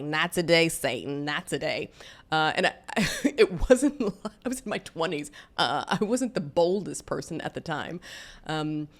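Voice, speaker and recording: A woman, candidly telling a personal story in a casual, conversational way. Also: low voice. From Deep South, US. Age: 40s. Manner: candid, conversational, with many fillers. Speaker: vlogger.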